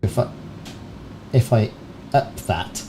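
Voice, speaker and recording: His voice low and dark yet animated, a gaming streamer takes his time in rambling, self-deprecating live stream chat. He sits at a desk podcast microphone in a small home room while a fan hums faintly.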